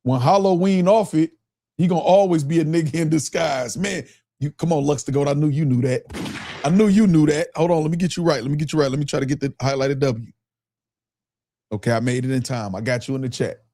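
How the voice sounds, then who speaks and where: Reading his chat aloud and laughing frequently, a lively Michigan man hosts a live stream in a loose, casual style and asks the same question repeatedly. His voice is high for a man, and he talks a little fast, with the accent of the US Midwest.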